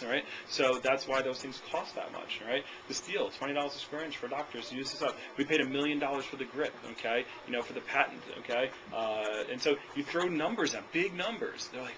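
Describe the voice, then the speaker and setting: Fast-talking young man coaching sales reps. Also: medium pitch, background noise. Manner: fast, energetic, keeps tagging "okay?". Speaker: sales trainer. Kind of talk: sales training demo.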